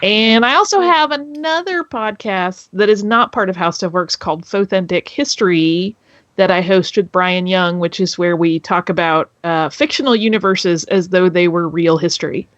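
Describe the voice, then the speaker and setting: A woman's voice: fairly low pitch, normal speed, no echo. A woman in her forties, a podcast guest, chatting in a friendly way and thinking aloud with fillers. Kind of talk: casual interview chat. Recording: dull muffled call audio.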